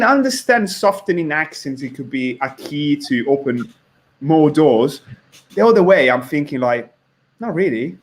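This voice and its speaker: Host: man, mid-pitched, halting delivery with frequent pauses. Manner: hesitant, searching for words. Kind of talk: casual video-call chat.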